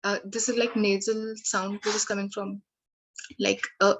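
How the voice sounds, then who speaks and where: A woman language tutor giving a lesson, slowly working through word lists with frequent fillers and restarts. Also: medium pitch, steady tone, low-quality recording.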